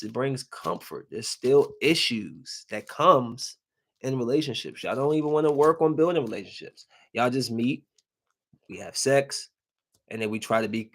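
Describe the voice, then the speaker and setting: A man hosting a podcast, delivering a comedic monologue that swings between loud outbursts and low, muttered asides. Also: normal speed. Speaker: podcast host.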